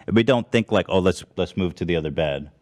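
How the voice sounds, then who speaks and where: A man's voice: low voice, quick pace, no room sound, clean studio sound. A man in his thirties hosting a casual chat, telling an awkward story with laughs and quoted voices. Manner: laughs often, animated retelling with put-on quotes. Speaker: podcast host.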